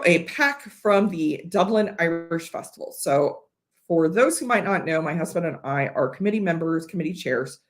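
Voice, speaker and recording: A woman from Ohio hosting a casual whiskey livestream, chatty and rambling with fillers and restarts, a bit tipsy. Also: lowish voice. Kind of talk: casual live-stream chat. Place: home studio.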